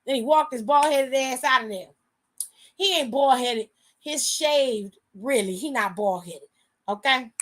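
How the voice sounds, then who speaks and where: A woman hosting a show and casually retelling events in an animated, slangy way, often acting out what people said. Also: high voice, measured pace. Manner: animated, slangy, acts out quoted lines. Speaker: show host. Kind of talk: casual recap storytelling.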